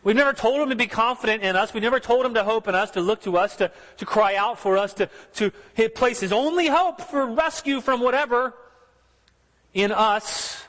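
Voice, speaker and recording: A man's voice: extremely high pitch, normal speed, fairly bright tone, long reverb tail. A man preaching a sermon in an earnest, conversational way, asking his listeners questions as he goes. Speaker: pastor.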